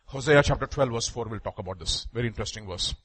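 A man preaching a sermon with passion. He swings from loud, urgent bursts down to hushed pleading. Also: medium pitch, fast talker, slightly rough.

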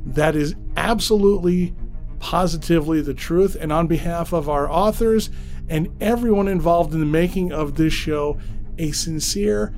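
Male podcast host with a fairly high voice and soft music underneath, chatty and self-deprecating, prone to stumbling over words. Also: normal speed. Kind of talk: casual show introduction.

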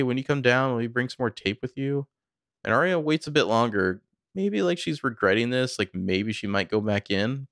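A man with a very low, gravelly voice recaps a TV episode for a podcast. He narrates the scenes casually, full of fillers. The sound is dry and close. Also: dry recording. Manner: conversational, filler-heavy, animated storytelling. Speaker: podcast co-host.

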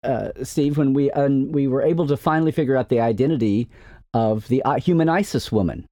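A man's voice: mid-range voice, brisk, warm tone, no room sound. A man hosting a casual interview, asking questions in an inquisitive, conversational way. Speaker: host.

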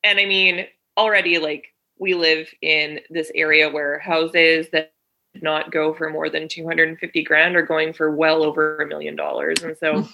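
Bright-voiced woman telling a story. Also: low voice, normal speed, gravelly, muffled recording. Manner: animated, swears freely, acts out dialogue. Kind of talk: casual chat, storytelling.

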